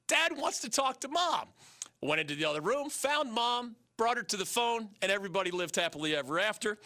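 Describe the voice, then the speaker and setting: Sports radio host in his 50s, high voice, very bright tone, animated storyteller. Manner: animated storyteller, chuckles while talking. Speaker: radio call-in show host.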